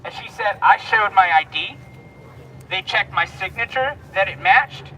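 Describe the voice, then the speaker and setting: High-voiced emphatic man rallying outdoors. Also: expressive, measured pace, bright, forceful tone, recorded from a distance, slight background noise, poor audio. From Texas. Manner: emphatic, repetitive, rousing. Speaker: rally speaker. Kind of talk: outdoor protest speech.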